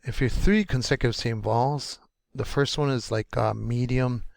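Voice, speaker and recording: A man teaching pronunciation, sounding out words slowly and repeating each syllable. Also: medium pitch, expressive, creaky, no room sound, studio quality. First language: English. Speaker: language teacher. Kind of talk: pronunciation lesson.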